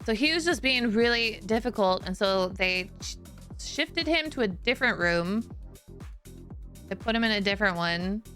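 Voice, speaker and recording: A woman chats loosely with her stream audience, trailing off into fillers and breaking into laughter between thoughts. Her voice is bright and forceful. Faint music plays behind her. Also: medium pitch, animated, normal speed. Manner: chatty and storytelling, laughs often, many "like" fillers. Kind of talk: casual chat.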